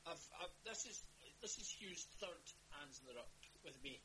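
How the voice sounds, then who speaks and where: A man chatting on a podcast, speaking hesitantly with many pauses and ums. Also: on the high side, expressive. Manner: hesitant, halting, lots of ums. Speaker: podcast guest. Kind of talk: casual chat. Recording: noisy line with hum.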